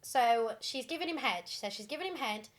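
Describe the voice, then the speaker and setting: A young woman co-hosting a podcast, retelling listener stories in a casual, animated way with lots of fillers and giggles. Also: on the high side, brisk. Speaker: podcast co-host.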